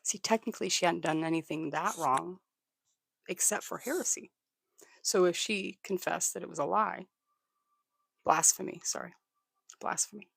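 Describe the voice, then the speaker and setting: Very gravelly live storyteller. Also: medium pitch, fairly bright tone, dry recording, clean studio sound. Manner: halting, repeats and restarts words. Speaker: livestream host. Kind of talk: casual live storytelling, thanking viewers.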